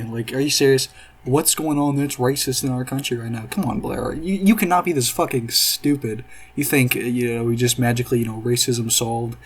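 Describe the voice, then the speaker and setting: Husky man ranting with sarcasm. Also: mid-range voice. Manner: profane, sarcastic, exasperated ranting. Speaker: commentary YouTuber. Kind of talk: reaction commentary.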